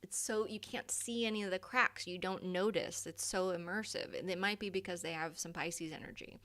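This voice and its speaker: A woman's voice: lowish voice, fairly even intonation, moderate pace, fairly bright tone. A young adult woman hosting a casual live stream, chatty, laughing often and swearing freely.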